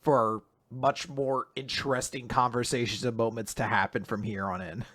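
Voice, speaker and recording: A man co-hosting a podcast, giving relaxed, thoughtful opinions in casual chat. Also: mid-range voice, normal speed, no echo, studio quality. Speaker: podcast co-host. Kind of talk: casual chat about manga.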